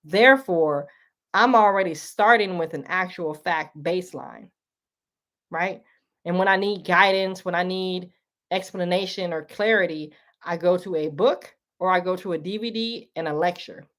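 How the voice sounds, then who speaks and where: A woman's voice: on the low side, normal speed, a bit bright. Earnest woman preaching to her viewers. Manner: earnest, preachy, addresses listeners as y'all. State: emotional, tearing up. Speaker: livestream host. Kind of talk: casual spoken monologue.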